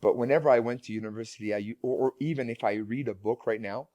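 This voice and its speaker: A man's voice: mid-range voice, quick pace, mellow, no echo. A man talking casually as a guest speaker in an interview, speaking with frequent restarts and repeated words. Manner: rambling, many restarts and repeated words, laughs often.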